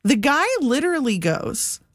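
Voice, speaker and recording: Animated woman telling a story, dry sound. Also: fairly high pitch, moderate pace, no room sound. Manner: animated, lots of "like", acts out quotes. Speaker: podcast co-host. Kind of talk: casual storytelling chat.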